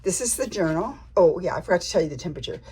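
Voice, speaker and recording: A woman with a lowish, husky voice talks to her camera at home in a loose, rambling way. She keeps restarting her sentences and reaching for fillers as she shows off crafts. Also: expressive, very fast, warm tone. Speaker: junk journal vlogger. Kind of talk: casual show-and-tell chat.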